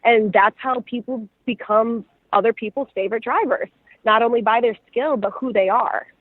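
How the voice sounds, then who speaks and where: A woman's voice: fairly high pitch, moderate pace, dry recording. A woman reporting on rally racing, chatting upbeat and casual as a guest calling in. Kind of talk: casual chat. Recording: tinny phone line.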